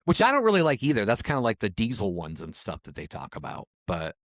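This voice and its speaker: Lively-pitched man with wry asides. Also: fast talker, no room sound, clean studio sound. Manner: reads out odd names with wry asides. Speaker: podcast co-host. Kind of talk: casual chat.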